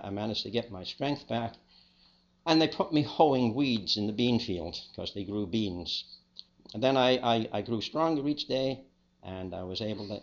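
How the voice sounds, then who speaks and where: An older man with a Liverpool accent, telling his own life story as a testimony in a plain, unhurried, reflective way. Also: mid-range voice, lo-fi sound. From England. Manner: plain, unhurried, with small restarts. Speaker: speaker giving a personal testimony.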